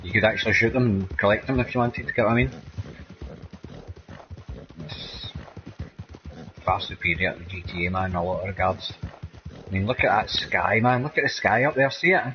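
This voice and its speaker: On the low side and at normal speed, this Scottish man's voice pauses often, recorded with lo-fi sound and a noisy background. Casually chatting as he plays on stream, he rambles and ends nearly every sentence with "man" or "mate."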